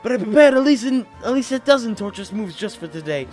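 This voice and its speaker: A man's voice: sits high, lively intonation, fast talker, darkish tone, soft background music, voice pushed up. A man voicing a melodramatic young mage who speaks in grandiose proclamations. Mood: dramatic. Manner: bombastic, melodramatic.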